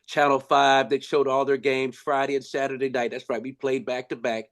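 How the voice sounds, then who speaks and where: An older man from Los Angeles, a former basketball player, telling stories in a casual, animated way with lots of restarts. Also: medium pitch, moderate pace. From Los Angeles, USA. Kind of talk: casual storytelling.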